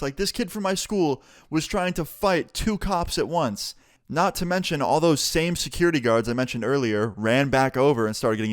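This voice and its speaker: A young man telling a storytime vlog in a casual, animated way, swearing freely, recorded on a close mic. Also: a little high, no room sound. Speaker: vlogger.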